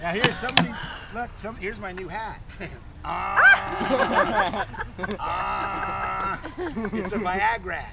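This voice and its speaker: A man in his fifties doing a live crowd-work comedy show at a fair, bantering loudly and chuckling at his own jokes. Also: sits high, moderate pace. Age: 50s. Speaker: street comedy performer. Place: outdoors at a busy renaissance fair. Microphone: handheld camera in the audience. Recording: loud outdoor crowd on a windy day.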